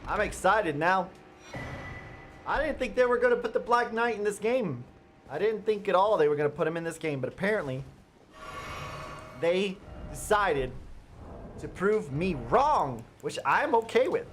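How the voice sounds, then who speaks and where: Excitable man streaming gameplay. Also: high-pitched, normal speed, long pauses, a little hiss or hum. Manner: chatty, addresses viewers directly; excitable outbursts. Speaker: gaming streamer. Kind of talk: live gameplay commentary.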